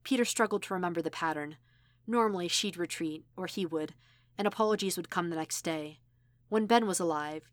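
A woman narrating an audiobook reading in a measured, even storytelling manner. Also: lowish voice, dry recording. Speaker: audiobook reader. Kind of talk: audiobook narration of fan fiction.

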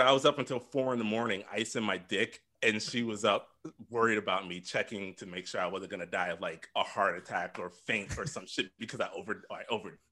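A man's voice: mid-range voice, sharp tone. A young man casually telling a rambling, profane story to a friend on a talk show, laughing through it and repeating himself. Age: young adult. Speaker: podcast host telling a story.

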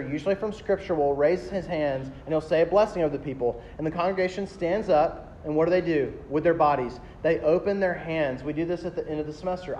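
A man, preaching a sermon as a pastor, emphatic and animated, slowing down to stress key words. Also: on the high side, a little hiss or hum. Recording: dull lo-fi sound with faint ambience.

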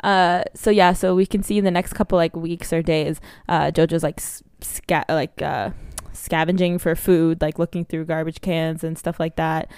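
Woman podcast co-host, casual rambling recap, smooth resonant tone, dry close sound. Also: low-pitched, level tone, moderate pace, hardly any pauses, a little mellow, no room sound. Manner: rambling plot recap with many fillers. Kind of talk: casual movie review chat.

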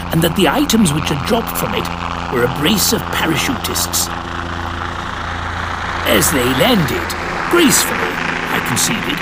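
A man with an English accent narrating a comic story as a pompous elderly gentleman adventurer who uses posh, old-fashioned slang. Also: a little high, very noisy. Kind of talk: comic first-person narration.

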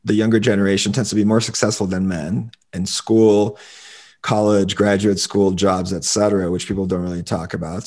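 On a casual podcast, a man speaking as a relationship coach lays out his views in a relaxed yet opinionated way. His voice is lowish.

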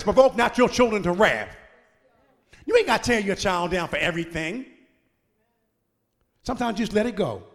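In a church sanctuary full of long reverb, a male pastor gives a sermon with a high, ringing voice. He builds to shouted, half-sung cadences before sinking into low, conversational asides to the congregation.

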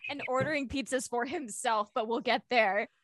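A woman co-hosting a podcast in casual chat, making wry, quick asides. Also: fairly high pitch, fairly bright tone. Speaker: podcast co-host. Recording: dry, close sound.

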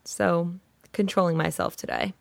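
A young woman co-hosting a podcast, talking casually and giggling as she reads out a story. Her voice has a gravelly fry to it. The sound is dry and close on a studio mic. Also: fairly low pitch, fairly even intonation, normal speed, no room sound. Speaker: podcast co-host. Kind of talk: casual chat and reading a listener story.

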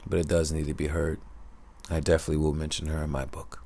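Deep, gravelly-voiced man telling a story. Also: flat delivery. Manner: reflective, soft-spoken, unhurried. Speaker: podcaster. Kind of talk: personal storytelling monologue.

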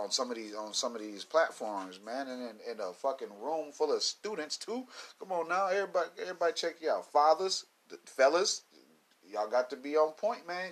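A man's voice: mid-range voice, fairly bright tone. A man hosting a casual solo podcast, rambling and swearing a lot and often breaking into laughs. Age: adult. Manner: rambling, profane, laughs between lines. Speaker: podcast host.

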